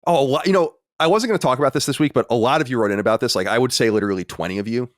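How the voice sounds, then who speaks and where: A man hosting a podcast in casual chat, animated and reading listener letters aloud. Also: mid-range voice, rapid-fire, no room sound, clean studio sound. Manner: animated storyteller, reads listener mail aloud. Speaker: podcast host.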